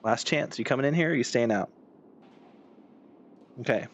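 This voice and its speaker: A man's voice: mid-range voice, moderate pace, slight background noise. A young man streaming a game, chatting casually with a playful, teasing tone. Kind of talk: casual live-stream chat. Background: game music.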